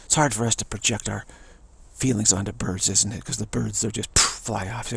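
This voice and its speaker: A man's voice: lowish voice, fairly even intonation, fairly quick, gravelly, a bit bright, husky, rough recording. A male yoga teacher giving a rambling spiritual talk, emphatic and full of repetition. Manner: emphatic, repeats himself.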